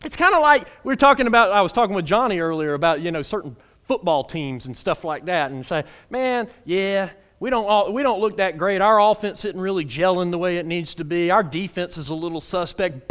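A man preaching a sermon in a folksy, playful way, swinging from hushed tones to shouts. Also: high-pitched, animated, fairly quick, hardly any pauses, clear, resonant tone. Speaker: pastor.

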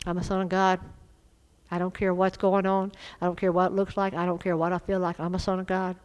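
A middle-aged woman preaching a sermon, fervent and emphatic, swelling into loud exhortation. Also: on the low side, little pitch movement, fairly quick, clean tone, poor audio.

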